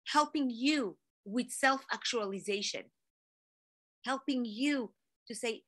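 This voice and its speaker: Woman motivational speaker, lively storyteller, bright and slightly high voice. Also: takes it slowly. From Israel. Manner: energetic, animated storytelling with rising emphasis. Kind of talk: motivational talk to an online audience.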